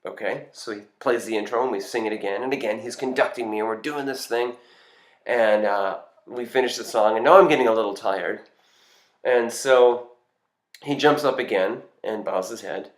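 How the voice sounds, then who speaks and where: A man, a singer and actor, casually telling a first-person anecdote in a relaxed, conversational way with small hesitations. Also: fairly low pitch, moderate pace. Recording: roomy echo.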